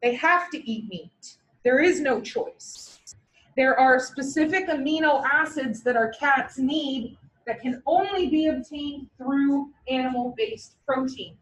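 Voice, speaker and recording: Vet tech instructor, woman, high pitch; blunt, joking, emphatic classroom lecturing; far, roomy mic. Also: measured pace, a little hiss or hum. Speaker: veterinary technician instructor. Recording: echoey room, mic far away.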